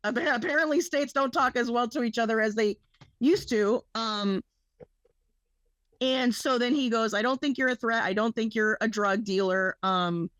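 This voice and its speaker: Brief: young woman, slightly high voice, casual podcast storyteller who swears a lot, dry close mic. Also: moderate pace, a bit bright, no room sound. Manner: rambling, swears freely, quotes people in her story. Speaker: podcast co-host.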